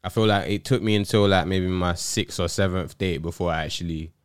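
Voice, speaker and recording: A man's voice: low voice, steady tone, brisk, smooth, no echo, clean studio sound. A young man, hosting a casual podcast chat and telling stories in laid-back slang. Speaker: podcast host.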